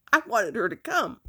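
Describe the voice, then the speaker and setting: A woman telling a personal story in a rambling, halting way, chuckling now and then. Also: a little high, pushed and bright.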